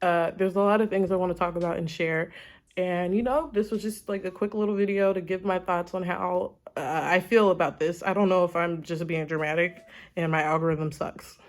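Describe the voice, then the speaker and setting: A woman's voice: fairly low pitch, steady tone, a little fast. Chatty, dramatic woman commentator. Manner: chatty and dramatic, laughs often. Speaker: YouTube commentator. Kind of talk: casual reaction commentary.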